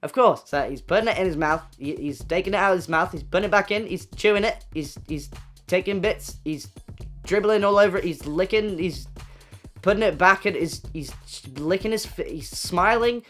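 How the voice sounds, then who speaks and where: A man's voice: high voice, moderate pace, a bit bright, soft background music. Exasperated young man mocking clips. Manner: exasperated, mocking, rhetorical questions. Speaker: commentator reacting to clips. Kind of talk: sarcastic reaction commentary.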